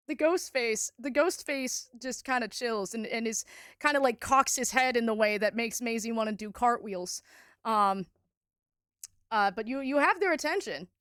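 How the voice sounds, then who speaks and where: A woman's voice: on the high side, measured pace, long pauses, fairly bright tone, clean tone, dry recording, clean studio sound. Giggly young woman running a tabletop game. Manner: giggly, rambling, playful. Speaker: dungeon master.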